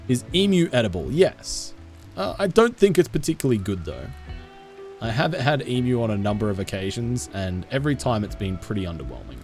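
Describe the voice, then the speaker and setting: Game streamer, male, mild Australian accent, animated chatty delivery with bouncy intonation, frequent laughs, faint music underneath. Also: medium pitch, a little fast. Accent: Australian, toned down. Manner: chatty, laughs often, answers chat. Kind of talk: casual live-stream chat.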